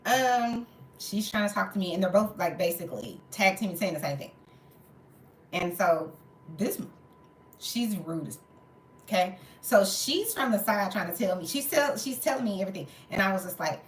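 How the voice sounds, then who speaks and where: A woman's voice: medium pitch, moderate pace, slight background noise. A woman, tired and in pain, telling an exasperated story in casual chat, with some swearing. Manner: animated, exasperated retelling with swearing. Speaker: storytelling vlogger. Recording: roomy echo.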